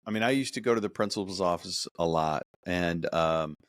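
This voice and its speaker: A man hosting a casual podcast chat, enthusiastic and quick to laugh. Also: deep voice, no echo, studio quality. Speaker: podcast host.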